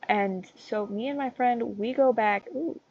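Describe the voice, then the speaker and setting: A woman's voice: a little high, a little slow, phone-quality sound. A teenage girl in a casual rant, rambling through a story with many fillers and tangents. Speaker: vlogger. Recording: loud background noise and clicks.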